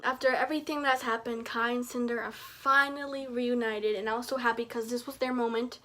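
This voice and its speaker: Brief: young woman, high voice, excitable book-review vlogger, dramatizes her reactions. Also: fairly quick, few pauses. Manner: chatty, excitable, acts out quoted reactions with big pitch jumps. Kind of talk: casual book review vlog.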